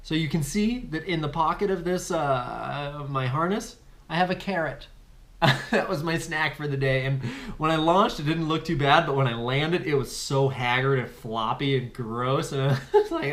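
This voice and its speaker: A man narrating his own paragliding flight in a casual vlog voice-over, animated, swearing freely and calling his viewers folks. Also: on the high side, normal speed.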